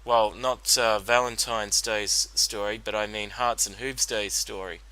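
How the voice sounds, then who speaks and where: A man's voice: on the low side, fairly even intonation, measured pace, pushed and bright, poor audio. A man giving a solo commentary on a cartoon episode, rambling with many fillers and restarts. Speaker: reaction commentator.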